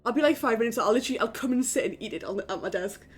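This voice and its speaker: A woman's voice: on the high side, lively intonation, racing, breathy edge. Chatty young British woman streaming a game. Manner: chatty, casual swearing, talks to chat. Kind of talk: casual live-stream chat. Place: home in a flat.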